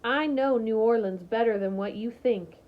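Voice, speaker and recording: A gaunt, sharp-eyed older landlady with a thick Southern drawl, put on by a woman reading aloud. She sneers and cuts with every word, her voice pitched up high. The storybook reading has a slightly muffled, lo-fi sound. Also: normal speed, natural voice. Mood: sneering.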